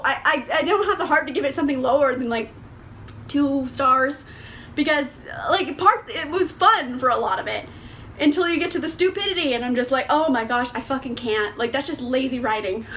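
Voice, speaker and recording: A young woman casually reviewing a book on her vlog, ranting in an exasperated, animated way with swearing and laughter. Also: high voice, a little hiss or hum.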